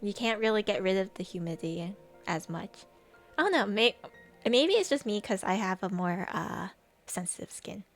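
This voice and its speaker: A woman's voice: medium pitch, expressive, moderate pace, soft background music. A young woman streamer in casual chat with viewers, rambling, laughing often and reading chat aloud.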